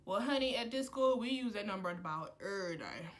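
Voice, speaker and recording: A young woman telling a heated storytime to camera, animated and full of "like" fillers. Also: mid-range voice, brisk. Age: young adult. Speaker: college student vlogger. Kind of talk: casual storytime.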